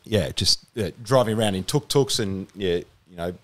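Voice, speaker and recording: On the low side and at normal speed, this young Australian man talks as a podcast guest. It's a casual, rambling conversation, with plenty of fillers and restarts.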